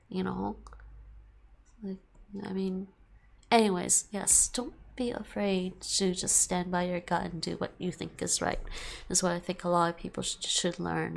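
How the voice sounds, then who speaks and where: A woman streamer chatting casually at the end of a stream, drifting and circling back on her points with frequent laughs. Her voice carries a gravelly vocal fry at mid pitch. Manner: rambling, repeats herself, laughs often.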